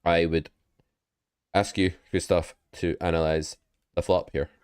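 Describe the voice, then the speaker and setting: Man, very deep voice, dry sound, blunt casual poker coach, online call. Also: flat delivery, measured pace, a little mellow, clean tone, dry recording.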